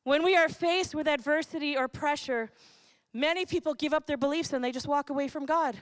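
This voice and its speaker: High-voiced, emphatic woman preacher. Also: a little fast, no room sound. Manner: animated, emphatic, laughs between points. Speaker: pastor. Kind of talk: sermon. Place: church.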